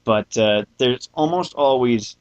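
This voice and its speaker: A man's voice: medium pitch, slow, dull audio. Joking man hosting a casual chat. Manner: jokey, self-mocking, laughs often. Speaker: podcast host.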